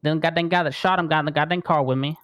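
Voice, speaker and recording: A man's voice: a little high, fairly even intonation, very fast, fairly bright tone, clear, resonant tone, no room sound, highs cut off, natural voice. A man playing a witness who curses nonstop. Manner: stuffs the same curse word into nearly every phrase. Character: rattled male crime witness, compulsive swearer. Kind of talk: role-play witness statement.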